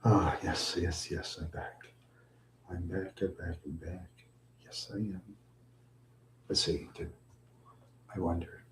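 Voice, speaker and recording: A middle-aged man talks on a live stream in a slightly low voice, rambling and repeating phrases over and over. His talk drifts between mumbling and louder complaint. The room around him is echoey. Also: flat delivery, takes it slowly, pauses often, a little hiss or hum. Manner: repetitive, mumbling, self-pitying. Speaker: livestream host.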